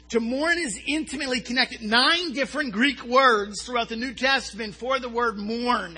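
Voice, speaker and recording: A man preaching a sermon in a very high, bright and keen voice with a husky, breathy edge. He speaks slowly and deliberately, poses rhetorical questions and answers them himself, and repeats words as he goes.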